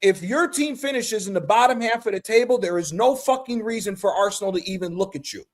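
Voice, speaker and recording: High-voiced man ranting angrily. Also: fairly quick. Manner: angry, swears constantly, blunt. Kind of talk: heated call-in football rant.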